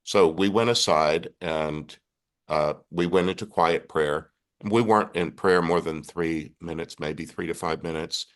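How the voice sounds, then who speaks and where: Brief: older Texan priest, very low voice, earnest storyteller who keeps restarting his sentences. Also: unhurried. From Texas. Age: 60s. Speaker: Catholic priest and guest. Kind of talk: conversational storytelling interview.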